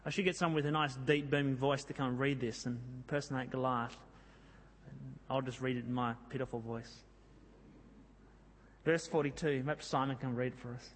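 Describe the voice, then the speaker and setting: A man preaching a sermon, telling a Bible story in a lively way and reading scripture with drama. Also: mid-range voice, fairly quick, a little hiss or hum. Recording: long hall reverb.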